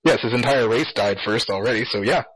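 A man's voice: medium pitch, a little fast, a bit bright, breathy edge, low-quality recording. A man in casual gaming chat, rambling and laughing often.

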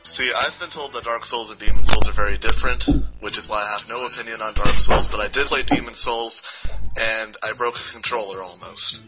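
Man, podcast panelist, excitable, jokey, music underneath. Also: on the low side, a little fast, low-quality recording. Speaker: podcast co-host. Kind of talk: casual podcast chat.

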